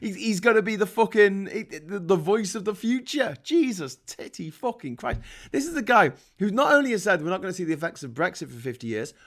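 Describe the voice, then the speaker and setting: A British man with a high-pitched, bright voice hosts a livestream, reading chat aloud and ranting about politics at a fairly quick clip. He sounds very animated, heated and sarcastic, swearing constantly in this casual political rant.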